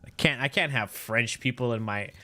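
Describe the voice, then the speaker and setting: A man's voice: medium pitch, normal speed, sharp tone. A young man live-streaming a video game from a home setup, joking with chat, rambling, swearing freely and stumbling over words.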